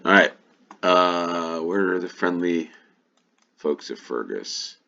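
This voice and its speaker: A man's voice: low-pitched, lively intonation, slow, gravelly, sharp tone, dull audio. An American man giving casual play-along commentary on a game, musing aloud and thinking to himself. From United States. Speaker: gaming YouTuber.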